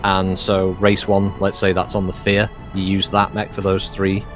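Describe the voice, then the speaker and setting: A man's voice: sits low, monotone, moderate pace, music in the background. A man organizing game races, explaining plans in casual voice chat with many fillers. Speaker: race organizer.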